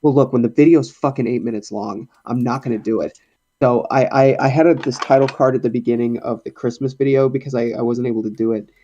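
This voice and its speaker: A man's voice: mid-range voice, fairly even intonation, fast, mellow, slight background noise. A young man co-hosting a casual podcast from home, speaking bluntly and swearing freely. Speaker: podcast co-host. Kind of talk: casual chat. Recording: dull lo-fi mic.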